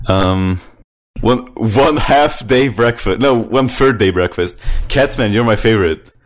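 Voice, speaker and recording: A man's voice: on the low side, unhurried. A man hosting a casual group podcast, reading out listener comments and chatting with laughs. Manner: reads comments aloud, drifts into laughter.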